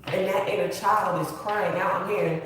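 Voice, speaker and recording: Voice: mid-range voice, steady tone, normal speed, fairly bright tone. A tarot reader giving an earnest, emotional reading, repeating key phrases in a casual spiritual style. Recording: very echoey room, distant mic, faint hiss.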